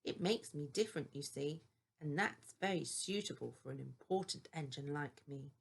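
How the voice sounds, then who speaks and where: A woman's voice: low-pitched, lively intonation, normal speed, gravelly, breathy edge, exaggerated voice. An older woman voicing a proud, vain big male engine who talks pompously in a storybook. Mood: boastful.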